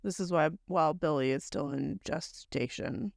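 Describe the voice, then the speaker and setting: A low-voiced woman with vocal fry talks at a moderate pace in clean studio sound without room noise. She co-hosts a podcast and recaps a story conversationally, linking events in long chains, speaking bluntly with mild swearing.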